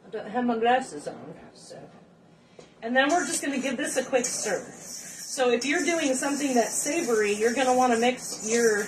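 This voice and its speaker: Fairly high-pitched and animated at a normal speed, this woman runs a relaxed cooking demonstration from her kitchen. She rambles and jokes with viewers as she goes, and the distant mic lets in faint background noise.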